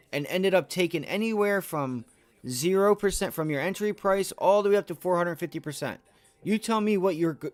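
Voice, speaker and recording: A man's voice: on the high side, no echo. A tired man hosting a trading livestream, rambling to his chat with many restarts. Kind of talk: casual live-stream talk.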